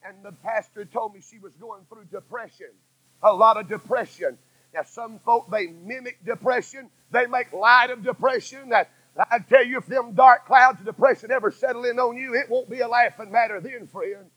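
A man, preaching a sermon that swings from loud cries to hushed tones. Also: high voice, moderate pace, breathy edge, no echo, low-quality recording. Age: 40s.

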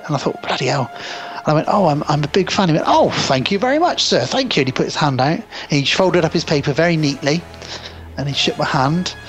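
A man's voice: fairly high pitch, fast, soft background music. A man around forty, co-hosting a podcast, telling a long rambling story in casual film chat. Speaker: podcast co-host.

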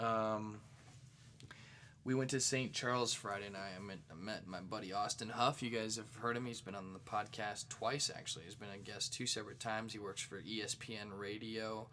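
A man from the St. Louis area hosting his own podcast alone, rambling excitedly with jokey asides. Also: on the low side, moderate pace, a little hiss or hum. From St. Louis area, Missouri. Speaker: podcast host. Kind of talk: casual solo podcast monologue.

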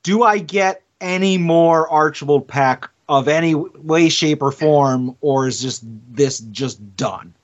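A man with a slightly high voice recaps matches with eager, rambling enthusiasm and some swearing. He talks in loose podcast chat. The audio is muffled and lo-fi. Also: slow, few pauses. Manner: enthusiastic, swearing, thinking out loud. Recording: muffled lo-fi sound.

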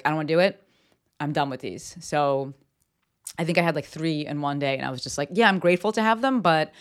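A woman hosting her own podcast, talking candidly and bluntly in a casual solo monologue, with casual swearing and animated asides. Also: sits low. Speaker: podcast host.

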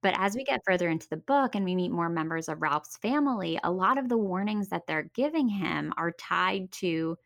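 A woman's voice: lowish voice, expressive, moderate pace, gravelly, hardly any pauses, a bit bright, no room sound. A woman hosting a podcast, chatting casually about a book and often saying "like". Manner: chatty, fills speech with "like", quotes characters in voices. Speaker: podcast host.

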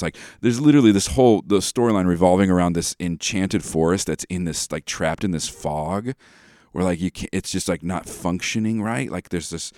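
A low-voiced man in his thirties riffs casually as a podcast host, rambling and full of fillers. He gets animated and half-acts out what people say. The sound is dry and close, with no room around it. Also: brisk, no echo. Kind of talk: casual monologue.

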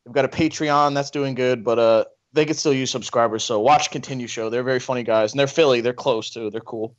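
A man's voice: mid-range voice, steady tone, fairly quick, muffled recording. A man co-hosting a casual podcast, rambling through jokes and plugs and trailing off. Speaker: podcast co-host. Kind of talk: casual chat.

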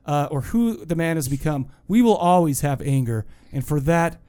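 A man hosting a podcast, his slightly high voice swooping up and down. He jokes in casual banter and moves the show along from topic to topic. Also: normal speed. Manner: lively, jokey, runs the segments. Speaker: podcast host.

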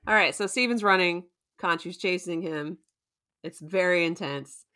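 A woman's voice: fairly low pitch, moderate pace, sharp tone. A woman hosting a casual podcast, chatty and laughing often as she recaps a show and acts out quotes. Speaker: podcast host.

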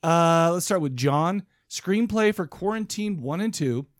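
Guy on a podcast, kinda high voice, rambly storytelling, dry close mic. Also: lively intonation, a little slow, no room sound. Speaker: podcast co-host. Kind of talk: casual podcast banter.

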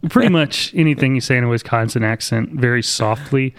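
A man's voice: medium pitch, a little fast. A man co-hosting a podcast, telling travel stories casually with dry humor. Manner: laid-back storyteller with dry humor. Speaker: podcast co-host. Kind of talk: casual chat.

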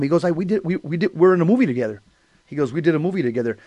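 A man with a fairly high voice recounts an encounter in casual chat, clearing his throat and filling his pauses. The sound is dry and close, with no room echo. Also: expressive, a little mellow. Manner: conversational, frequent throat clearing and fillers. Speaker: co-host.

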